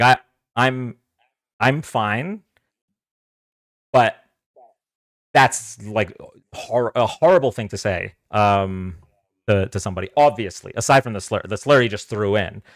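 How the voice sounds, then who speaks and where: A man's voice: lowish voice, no room sound, clean studio sound. Hesitant man hosting a live stream. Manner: hesitant, many fillers and restarts. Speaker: debate stream host. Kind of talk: casual live-stream talk.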